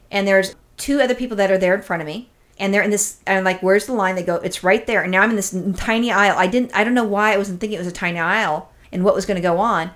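A woman co-hosting a podcast, telling a long, rambling story in casual chat, swearing freely and acting out what people said. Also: medium pitch. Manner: rambling, profane, animated storytelling with acted-out quotes. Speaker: podcast co-host.

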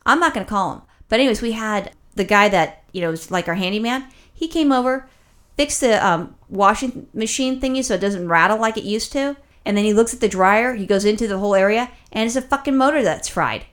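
A woman co-hosting a casual chat, telling a long story in a profane, exasperated ramble full of restarts. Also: mid-range voice. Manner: animated, rapid rambling with restarts. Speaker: podcast co-host.

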